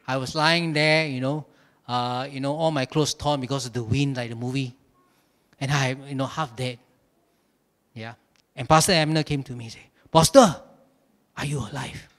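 A man preaching a sermon at a church service, telling his points as animated, humorous stories. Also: mid-range voice, moderate pace, pauses often. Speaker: pastor.

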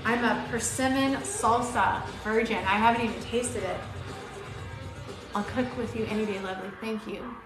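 A woman from Arizona and Maui chatting casually and flirtatiously as she cooks on a live stream, greeting viewers by name. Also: on the high side. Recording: echoey room with loud background music.

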